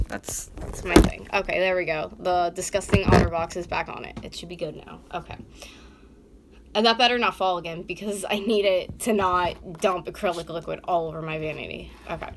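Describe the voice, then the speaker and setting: A woman's voice: lowish voice, steady tone, a little fast, gravelly, background noise. A woman in her twenties from North America, rambling bluntly and swearing through a casual live-stream nail tutorial in her bedroom, filmed on a propped-up phone. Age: 20s. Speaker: beauty vlogger. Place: her warm bedroom at a vanity. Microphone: phone camera propped up close.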